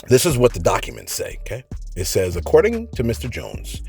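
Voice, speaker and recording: A man hosting a casual commentary show, preachy and animated, who keeps asking "okay?" and mentions teaching a class. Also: mid-range voice, fairly quick, creaky, faint music behind.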